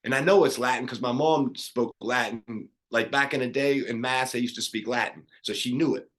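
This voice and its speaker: A middle-aged man, a podcast guest, telling a personal story in an earnest, animated way with many restarts. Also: mid-range voice, normal speed.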